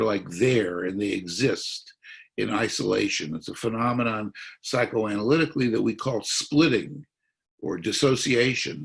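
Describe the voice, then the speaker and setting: A man's voice: medium pitch, vocal fry, slightly rough. A man speaking as a psychiatrist at a political forum, explaining his analysis.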